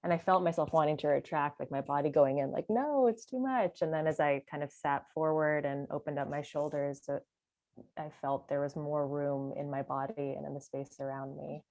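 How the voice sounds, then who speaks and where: Woman sharing at a meditation session, low mellow voice, lots of ums, kinda halting, dry sound. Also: little pitch movement, no echo. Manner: halting, searching, many fillers. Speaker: retreat participant sharing. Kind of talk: personal sharing in a meditation group.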